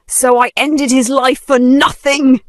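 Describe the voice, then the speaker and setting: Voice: high voice, little pitch movement, slow, no room sound, clean studio sound, pitched above the performer's own voice. A narrator voicing a furious, ruined widow who shrieks and curses in a storybook tale. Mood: shouting. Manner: shrieking, cursing, melodramatic.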